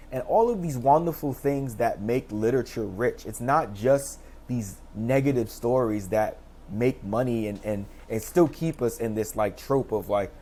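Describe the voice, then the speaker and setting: A man in his thirties, a teacher and interview guest, telling his story in lively casual speech and acting out the people he quotes, heard over a video call. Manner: animated, acts out quoted voices with pitch jumps.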